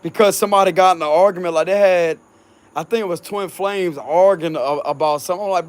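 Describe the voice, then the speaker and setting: Sitting high in pitch, his voice moves at normal speed with long pauses. The Cajun tarot reader hangs out outdoors on a hot night, chatting and rambling casually with his supporters, laid-back, full of laughter and quick to swear.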